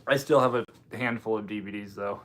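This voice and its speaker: Late at night, a man hosts a relaxed livestream, loosely answering viewers' comments and yawning now and then. His voice runs on the low side and a little fast.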